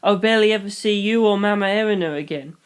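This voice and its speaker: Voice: fast talker, clear, resonant tone, close to an everyday voice. A reader voicing a scared, stubborn eleven-year-old girl who pleads through sobbing tears, in a fan reading of a novel. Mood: upset. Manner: sobbing, pleading, rising high. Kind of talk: audiobook reading.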